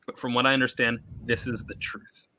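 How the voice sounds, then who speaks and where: A man reading a solemn, weary figure recalling past events slowly. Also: mid-range voice, level tone, sharp tone, a little hiss or hum.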